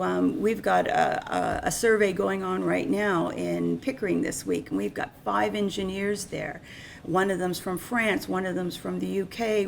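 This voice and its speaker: A woman's voice: lowish voice, creaky, slight background noise. A middle-aged woman giving an unscripted, conversational conference presentation on insurance. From Canada.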